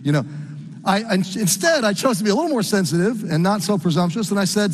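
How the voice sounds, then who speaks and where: A middle-aged man from the United States preaching a sermon as a story, earnest and halting with frequent restarts. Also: high-pitched, lively intonation, breathy edge, in a large hall. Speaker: pastor.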